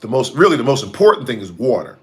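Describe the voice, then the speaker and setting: A man's voice: medium pitch, big pitch swings, fast talker. A middle-aged man hosting a casual home chat about healthy eating, his throat irritated and coughing now and then. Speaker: host.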